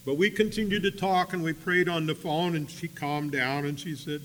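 Guy preaching, story mode, bright ringing voice, big echoey hall with a faint hum behind. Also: on the high side, a little slow. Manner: swings between loud emphatic bursts and quiet asides. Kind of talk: sermon storytelling.

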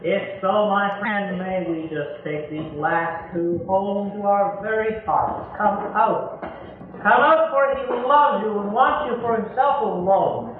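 High-voiced preacher in an echoey hall. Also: male voice, slow. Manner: earnest, pleading, many rhetorical questions. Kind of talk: sermon. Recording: echoey hall, distant mic, tinny lo-fi.

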